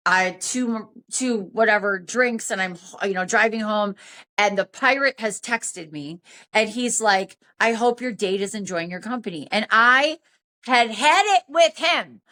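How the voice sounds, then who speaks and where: A woman's voice: on the high side, takes it slowly. A woman in her fifties, a podcast host telling a story in casual chat and acting out the dialogue. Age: 50s. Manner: animated, acts out quoted dialogue.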